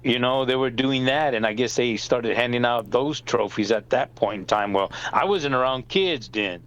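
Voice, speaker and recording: A man's voice: medium pitch, normal speed. A middle-aged father telling family stories on a podcast, swearing freely and acting out the people he quotes. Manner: animated storyteller, swears, acts out quoted lines. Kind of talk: casual storytelling chat.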